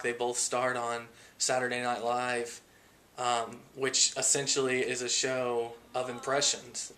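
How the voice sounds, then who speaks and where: A man explaining how he does voice impressions in a documentary narration, relaxed and full of pauses. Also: medium pitch, a little hiss or hum. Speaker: amateur impressionist. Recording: documentary draft with music behind.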